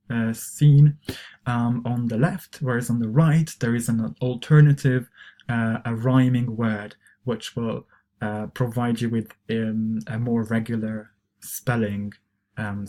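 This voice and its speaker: A man coaching English pronunciation, patiently modelling words and sentences slowly for the listener to repeat, with chatty asides in between. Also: medium pitch, dark tone. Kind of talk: pronunciation lesson.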